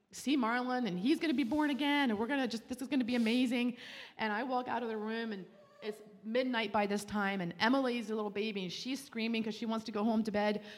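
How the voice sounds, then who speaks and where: A woman telling her personal Christian testimony in an earnest, heartfelt way, with halting restarts. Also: fairly high pitch, steady tone. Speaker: speaker giving a Christian testimony. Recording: long reverb, as in a large hall.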